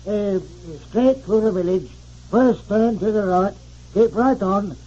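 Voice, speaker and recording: A slow, husky villager. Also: male voice, high-pitched, warm tone, exaggerated voice. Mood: obliging. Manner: slow, hesitant, halting speech. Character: helpful English village man giving road directions. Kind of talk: 1950s radio comedy acting. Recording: dull old radio broadcast recording.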